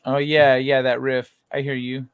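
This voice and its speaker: A man's voice: medium pitch, flat delivery, normal speed, clean tone, dry recording. A young man co-hosting a casual chat, laid-back and joking while he explains things.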